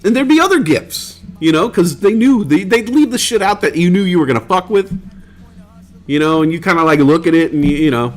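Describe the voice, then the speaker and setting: A man's voice: sits high, lively intonation, fairly quick. Rambling, swearing stream host man. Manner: rambling, loose, swears freely. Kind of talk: casual live stream chat.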